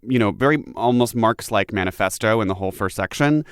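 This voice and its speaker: A man co-hosting a podcast in casual chat, wry and teasing with quick jokes. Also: on the low side, clear, resonant tone, no room sound, studio quality. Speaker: podcast co-host.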